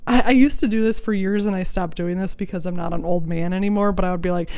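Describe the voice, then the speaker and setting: A woman co-hosting a podcast in casual chat, animated and laughing, sometimes bursting out loudly, close to the mic. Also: medium pitch, fast talker, hardly any pauses, clean tone. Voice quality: animated, laughing, prone to loud outbursts. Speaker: podcast co-host.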